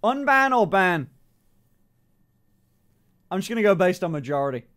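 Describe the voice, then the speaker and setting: Guy streaming to chat, high voice jumping all over, swears a ton, laughs a lot. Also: normal speed. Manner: swears freely and laughs often; loud excited outbursts. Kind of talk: casual live-stream reaction.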